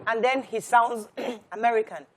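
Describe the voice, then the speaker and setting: Woman host, higher voice, keeps pressing questions at the panel, lots of restarts. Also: moderate pace, a little mellow. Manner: probing, repeats words while posing questions. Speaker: talk show host. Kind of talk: studio panel discussion.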